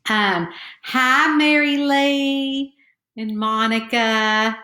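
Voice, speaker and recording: Her voice sits high and comes out very slow and sharp. A middle-aged author with a Southern hillbilly twang, she chats nervously with viewers on a live stream from home, greeting them by name, and the room is echoey.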